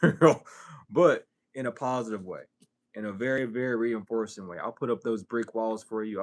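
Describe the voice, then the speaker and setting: A man giving a casual spiritual reading, profane and streetwise, full of rhetorical questions. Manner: swings from low mutter to high exclaims. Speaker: spiritual reader.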